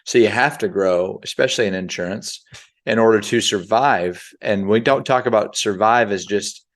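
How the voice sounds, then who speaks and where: Male sales team leader, lowish voice, conversational motivational talk that pauses to define terms. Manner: conversational, defines words aloud, shifts pace often.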